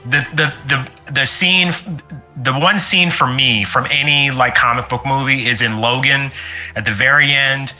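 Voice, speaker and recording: A man in casual chat, talking in a reflective, measured way. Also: mid-range voice, pushed and bright, faint music behind.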